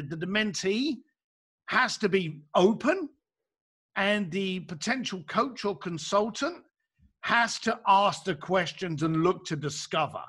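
With a high, slightly rough voice, a male coach chats informally and emphatically. He brings energy to it, acting out small conversations to drive his points home.

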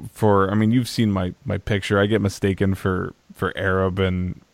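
A man's voice: low voice, little pitch movement, normal speed, gravelly, no echo. A man hosting a casual podcast interview. He often stumbles over and repeats words, and he laughs along with his guest.

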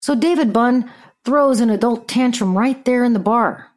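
A woman's voice: a little high, normal speed, a little mellow. A middle-aged woman hosting a podcast, telling a story in a blunt, sarcastic, profane rant. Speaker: podcast host.

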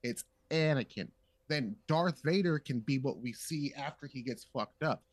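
A man's voice: mid-range voice, moderate pace, no room sound. A man in casual podcast chat, swearing freely and jumping into funny voices to act out scenes. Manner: profane, animated, acts out characters in funny voices.

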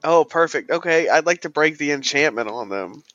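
A man's voice: a little high, animated, moderate pace, fairly bright tone, highs cut off, faint music behind. A man playing a character in a tabletop role-playing game, swearing a lot and describing his character's actions. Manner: profane, laughing, plays his character in third person. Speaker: player. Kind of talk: casual tabletop play.

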